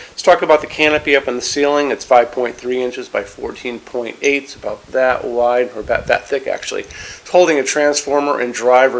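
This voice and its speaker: A man's voice: mid-range voice, rough recording. A middle-aged man in a lighting showroom, casually walking viewers through a pendant fixture step by step. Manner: chatty, explanatory, step-by-step instructions. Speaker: lighting showroom product presenter. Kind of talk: casual product walkthrough.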